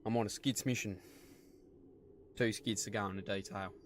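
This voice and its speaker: Les, a man voicing a gruff laconic Aussie wanderer. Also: on the low side, steady tone, normal speed, slight background noise, close to an everyday voice. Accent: Australian. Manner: laconic, blunt, heavy swearing. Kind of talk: animated show dialogue.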